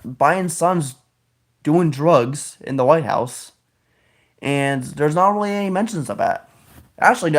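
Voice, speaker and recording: A man hosting a podcast, talking in a casual, opinionated monologue that rambles, stalls and corrects itself. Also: fairly high pitch. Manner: rambling, with frequent restarts and self-corrections; opinionated, politically outspoken. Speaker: podcast host.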